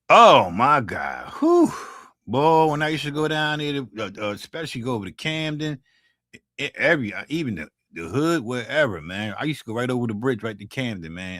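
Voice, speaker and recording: Heard in studio-quality audio with no echo, a man in his 60s from North Philadelphia chats with viewers on his beatmaking livestream. His voice runs low and a bit bright, and his loose street talk is profane, jokey, and full of restarts, in a Philadelphia accent.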